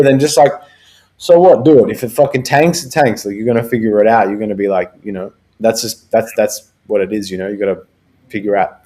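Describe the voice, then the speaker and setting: A young man with an Australian accent co-hosting a casual livestream chat, loose and profane, often trailing off quietly. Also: fairly low pitch. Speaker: podcast co-host.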